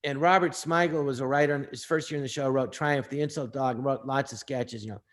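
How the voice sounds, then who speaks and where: A man, an actor and comedian, telling anecdotes in a casual interview, lively and quick to slip into impressions of the people he quotes. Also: mid-range voice.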